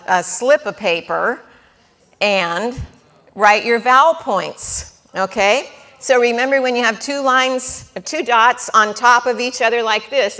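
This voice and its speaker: A woman's voice: a little high, sharp tone. A woman teaching a Hebrew lesson to a class, patient and encouraging, sounding out syllables and checking that everyone follows.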